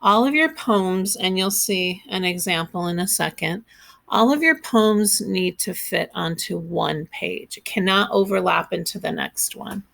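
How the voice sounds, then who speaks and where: A woman's voice: fairly low pitch, measured pace, creaky, a bit bright. A woman teacher walking her students step by step through a class project in a screen-recorded tutorial, patient and instructive.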